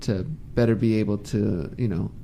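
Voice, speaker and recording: A man hosting a live talk radio show in a studio, relaxed and teasing, laughing easily. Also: fairly low pitch, moderate pace, vocal fry, a little hiss or hum. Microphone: studio mic.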